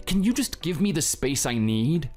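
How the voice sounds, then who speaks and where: A man's voice: fairly high pitch, sing-song, moderate pace, a little mellow, soft background music. A man playing a husband in a dramatized story, curt and defensive toward his partner. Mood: cold. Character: cold, defensive young husband.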